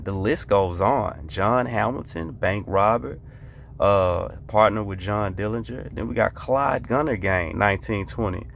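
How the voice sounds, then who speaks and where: A man's voice: lowish voice, gravelly, slight background noise. A man hosting a casual reaction video, talking emphatically and repeating rhetorical questions and catchphrases.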